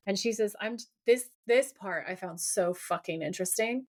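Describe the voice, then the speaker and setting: A woman's voice: mid-range voice, normal speed. A woman co-hosting a podcast, casually retelling a TV episode scene by scene, quoting the characters' lines and gushing over them. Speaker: podcast co-host. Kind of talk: casual chat recapping a TV episode.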